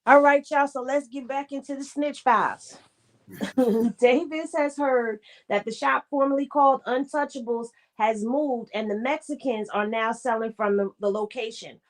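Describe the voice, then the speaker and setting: A woman co-hosting a casual talk show, with a fairly high voice. She reads through official documents aloud, stops to correct typos, and drops in short comments as she goes. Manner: reads aloud and adds quick asides. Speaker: co-host.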